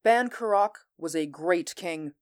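Fierce warrior queen, low and unhurried, proud and driven, read by a woman. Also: animated. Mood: proud, defiant. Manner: commanding, deliberate delivery. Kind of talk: audiobook dialogue reading.

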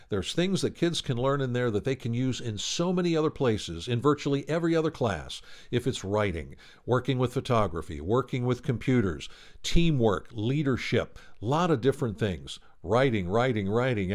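A man's voice: medium pitch, lively intonation, fairly quick. A man hosting a podcast, wrapping up a segment and making announcements straight to listeners. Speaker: podcast host. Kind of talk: host segment wrap-up and announcement.

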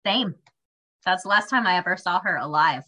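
A young woman with a bright, clear voice tells a family story to her sister. She talks in a relaxed, chatty way, with sarcastic asides and lively quoted voices. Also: lowish voice, normal speed, low-quality recording. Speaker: podcast co-host. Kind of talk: casual chat.

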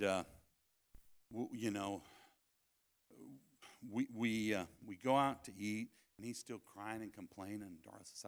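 A man with a bright, ringing voice delivers a camp-meeting sermon. He tells a family story in an animated way, moving from near-shouted proclamations to soft, hushed asides. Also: medium pitch. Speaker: preacher.

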